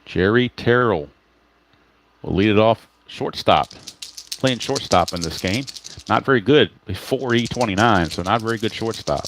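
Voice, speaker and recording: Man hosting a tabletop baseball replay, lowish voice, chatty dice-roll commentary, dry close sound. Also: a bit bright, no room sound. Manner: chatty, explains each dice roll, greets viewers by name. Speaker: tabletop baseball game host. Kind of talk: casual play-by-play of a dice baseball game.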